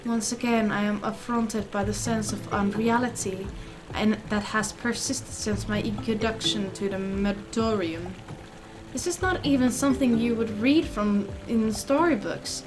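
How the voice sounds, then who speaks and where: A woman hosting a gaming channel, reading a visual novel's story text aloud with expressive, emotional delivery. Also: on the high side. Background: game music.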